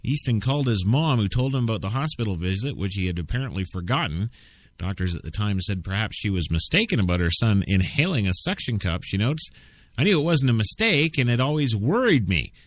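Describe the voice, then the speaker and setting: A man's voice: on the low side, sing-song, a little fast. A male radio host reading quirky news stories in a mock-pompous, joking way. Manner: mock-pompous, laughing between items. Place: radio studio.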